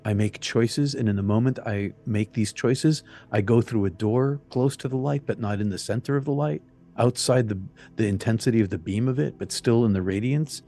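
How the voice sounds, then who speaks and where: A man being interviewed, telling his near-death experience in an earnest, halting way that repeats phrases. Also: medium pitch, mellow, soft background music. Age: young adult telling of age 20, now older. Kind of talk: personal storytelling interview.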